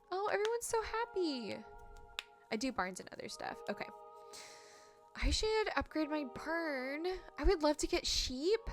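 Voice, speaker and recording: A bubbly woman streams a game live and chats with her viewers as she plays. Her voice is high and jumps around a great deal in pitch. Faint music plays underneath. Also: a bit bright. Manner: bubbly, chatty, reads chat messages aloud. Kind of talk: live-stream gameplay chat.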